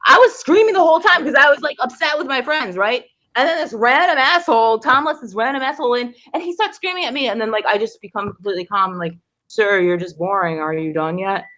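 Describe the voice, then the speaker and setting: High, swooping, combative woman. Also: animated, quick pace, few pauses, highs cut off. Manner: combative, profane, shouting people down. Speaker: livestream debate guest. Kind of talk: heated livestream argument.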